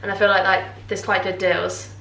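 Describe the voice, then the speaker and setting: A woman's voice: medium pitch, little pitch movement, brisk, vocal fry, bright, forceful tone, far from the mic. Chatty woman in her twenties, echoey room. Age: 20s. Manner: chatty, lots of "like" fillers, giggly. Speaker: vlogger. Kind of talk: casual vlog chat. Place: home, indoors.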